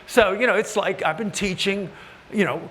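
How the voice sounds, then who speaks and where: A man, a woodworking TV host, telling folksy, joking stories to a live audience, his voice climbing high when he gets worked up. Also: normal speed, bright, forceful tone. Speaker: woodworking TV host giving a stage talk. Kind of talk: humorous storytelling to a live audience. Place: large hall at a woodworking event. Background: audience laughter.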